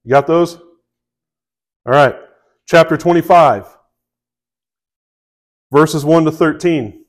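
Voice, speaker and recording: Conversational male preacher, slightly high voice. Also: slow, rough recording. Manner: conversational, checks in with listeners; reads scripture aloud with rising emphasis. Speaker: pastor. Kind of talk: sermon.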